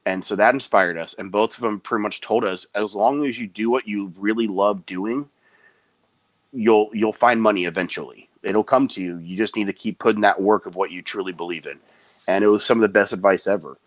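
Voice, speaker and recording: This clown performer chats casually as an interview guest, an animated storyteller who imitates the people he quotes with quick, high voices. The recording carries no echo.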